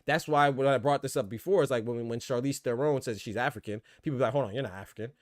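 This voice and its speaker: A man hosting a boxing podcast talks at a rapid clip, doubling back on words as he builds his point. His voice sits at an ordinary pitch and the sound is dry and close, with no room around it. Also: no room sound. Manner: fast, animated, repeats words while thinking. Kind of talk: casual podcast debate.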